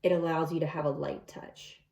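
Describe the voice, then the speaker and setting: A woman's voice: sits low, flat delivery, normal speed, creaky, warm tone. A middle-aged woman talking through a makeup tutorial step by step in a casual, chatty way. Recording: echoey room.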